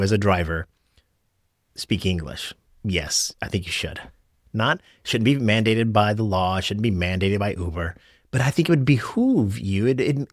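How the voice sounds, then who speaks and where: Low-voiced American man chatting on a podcast. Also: no echo, studio quality. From United States. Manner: conversational, rambling with restarts and asides. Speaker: podcast host and rideshare driver. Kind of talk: casual solo podcast talk.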